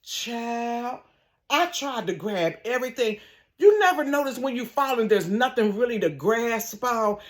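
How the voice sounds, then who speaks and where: A woman telling a funny personal story in a casual vlog from her bedroom, animated and laughing, acting out sounds. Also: fairly high pitch, unhurried. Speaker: storyteller vlogger.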